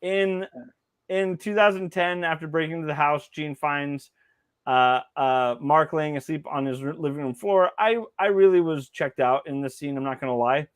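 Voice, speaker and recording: A man's voice: fairly high pitch, moderate pace, smooth, no room sound. A man co-hosting a podcast in casual chat, rambling with restarts and fillers. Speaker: podcast co-host.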